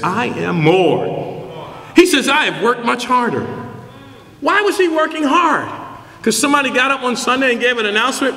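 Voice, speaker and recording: Middle-aged male pastor, high bright voice, lively shouted sermon delivery in an echoey hall. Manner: animated storytelling, shouting for emphasis. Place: large church hall.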